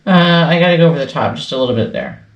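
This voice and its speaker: This sewing channel host chats and thinks out loud at her machine during a casual sew-along. Her low-sitting voice swings widely in pitch and moves fast, and the lo-fi sound carries roomy echo and faint noise.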